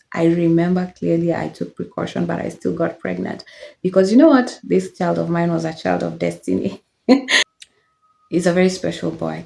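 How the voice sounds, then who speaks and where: A woman's voice: fairly low pitch, gravelly. A young woman, candidly telling her own life story in a reflective, casual way. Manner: reflective, candid, with soft laughs and fillers. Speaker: vlogger sharing personal testimony.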